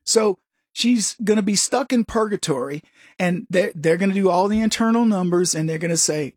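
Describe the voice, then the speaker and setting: A man hosting a talk radio show, telling personal stories and giving opinions in a rambling, animated way. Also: sits high, normal speed, no echo, studio quality. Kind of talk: casual talk radio monologue.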